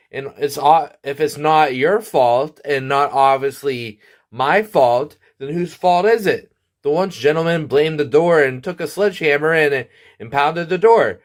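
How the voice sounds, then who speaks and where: Man, comic storytime monologue, deadpan, rambling, voice pitched a bit high. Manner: deadpan, rambling, with many restarts and asides.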